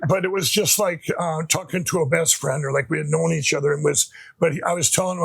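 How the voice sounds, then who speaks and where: On a podcast, a Minnesota man shares his faith testimony, his voice on the high side, husky and marked by vocal fry. He speaks haltingly and rambles, restarting often and using lots of fillers.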